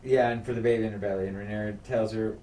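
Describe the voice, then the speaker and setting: A man's voice: fairly low pitch, fairly even intonation, fast, mellow. A man co-hosting a podcast, recapping a TV episode in casual, profane chat. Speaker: podcast co-host. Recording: roomy room, far from mic, faint noise.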